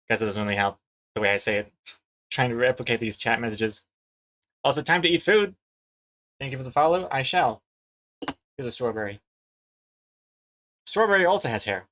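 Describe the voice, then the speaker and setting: A man's voice: mid-range voice, a little fast, long pauses, a bit bright, a little hiss or hum. A young man from New Zealand talks casually through a live drawing stream, his accent a blend of Kiwi and American. He reads chat messages aloud in an easy, chatty way and laughs often. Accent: mixed New Zealand and American. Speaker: webcomic artist and streamer.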